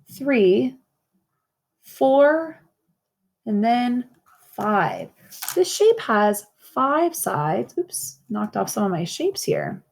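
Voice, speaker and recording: A woman teacher gives a recorded lesson to young children, explaining slowly and patiently and repeating key points. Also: a little high. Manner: slow, patient explaining with frequent repetition.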